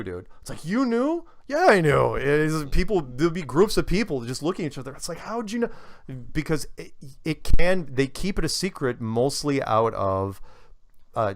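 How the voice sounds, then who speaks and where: A man telling an animated, rambling story in casual conversation, with many restarts. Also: medium pitch, dry recording, clean studio sound. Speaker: guest speaker.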